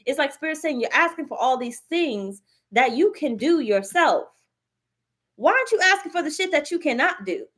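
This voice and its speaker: A woman's voice: high voice, lively intonation, normal speed, fairly bright tone. A woman giving a live tarot reading, blunt and profane, hammering her points by repeating them. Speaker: tarot reader.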